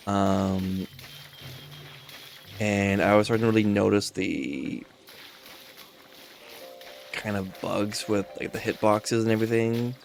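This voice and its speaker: A man's voice: on the low side, slow, gravelly, long pauses, soft background music. A man streamer chatting casually while he plays a game, rambling and easygoing as he thinks aloud. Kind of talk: casual chat while gaming.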